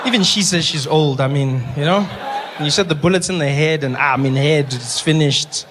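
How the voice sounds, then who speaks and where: A man telling a story on stage as a stand-up comedian, animated and acting out voices. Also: fairly high pitch, fairly quick, noisy background. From South Africa.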